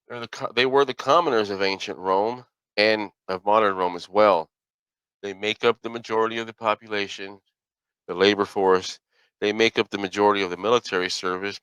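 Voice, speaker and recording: Low, bright-toned man rambling casually. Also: clear, resonant tone, no room sound, low-quality recording. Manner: rambling, folksy, self-correcting. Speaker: podcast host. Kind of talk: casual solo commentary.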